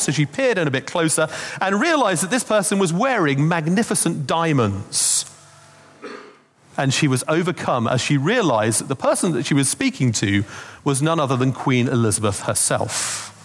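A man's voice: on the high side, fairly bright tone. A man preaching a Christmas sermon, telling stories in a conversational way with asides. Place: church. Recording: long reverb of a church hall.

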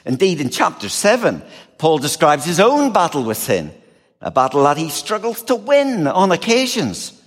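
A man preaching a sermon, measured and expressive, with a touch of dry humor. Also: on the high side, breathy edge, in a large hall.

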